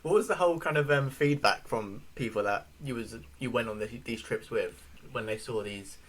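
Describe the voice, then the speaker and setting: Male podcast host, mid-range voice, relaxed, rambling questions. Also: medium pitch, moderate pace. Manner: easygoing, asks loose rambling questions. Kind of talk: casual interview chat.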